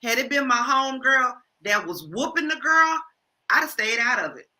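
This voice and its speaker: A woman's voice: high voice, expressive, moderate pace, pushed and bright. A woman co-hosting a casual live review, giving blunt, candid, slangy opinions on a TV episode. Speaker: TV review co-host.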